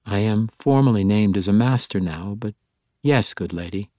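A man's voice: lowish voice, moderate pace, dark tone, no echo, clean studio sound, natural voice. A man voicing an earnest, exuberant male monk who speaks formally and courteously in an audiobook.

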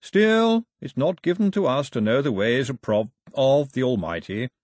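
Give me a man putting on a bumbling old storybook bishop with a lively, bouncing voice. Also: medium pitch, normal speed, dry recording, studio quality, lightly acted. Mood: chatty. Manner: bumbling, chatty. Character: flustered jolly old male bishop. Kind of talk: audiobook character voice.

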